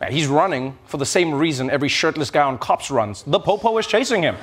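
A man hosts a late-night comedy monologue with sarcastic, lively delivery. His voice sits high for a man. A clear layer of background noise runs under the recording. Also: a little fast, few pauses, a crowd in the background.

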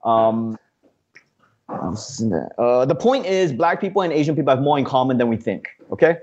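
A man's voice: mid-range voice, big pitch swings, normal speed, a little mellow, highs cut off. A man playing a comedy news correspondent, ranting indignantly and filling his speech with lots of uh's. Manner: indignant, ranting, heavy with uh fillers. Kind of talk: scripted comedic banter.

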